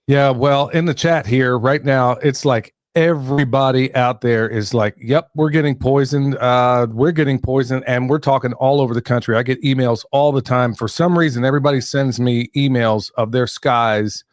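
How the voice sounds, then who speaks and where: A man's voice: medium pitch, fairly even intonation, normal speed, hardly any pauses, dry recording, studio quality. A man hosting a podcast interview, chatting casually and rambling with repeats and laughs. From Western North Carolina. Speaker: podcast host.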